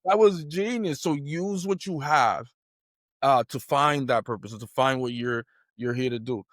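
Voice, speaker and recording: A man hosting an interview, enthusiastic and halting, full of restarts and affirmations. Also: mid-range voice, a bit bright, no echo, studio quality. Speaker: podcast host. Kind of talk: casual interview chat.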